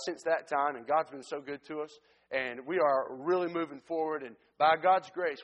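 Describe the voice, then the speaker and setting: A man's voice: on the high side, muffled recording. Earnest man preaching in a reverberant church. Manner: earnest storytelling, frequent restarts. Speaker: missionary preacher. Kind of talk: testimony sermon to a congregation. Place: church sanctuary. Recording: long church hall reverb.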